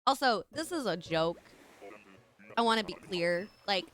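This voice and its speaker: Bubbly, lively woman streamer. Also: medium pitch, unhurried. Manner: chatty, bubbly, talks to chat. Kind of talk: casual live-stream chat.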